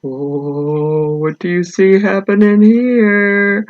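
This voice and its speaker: A woman author reading her picture book aloud to children, gently asking them questions as she goes. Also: mid-range voice, slow pace, poor audio. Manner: animated storyteller.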